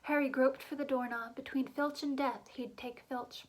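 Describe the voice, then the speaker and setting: A woman narrating a children's fantasy novel aloud in a brisk, lively storytelling manner. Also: high-pitched, rough recording. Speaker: reader. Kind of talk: audiobook narration.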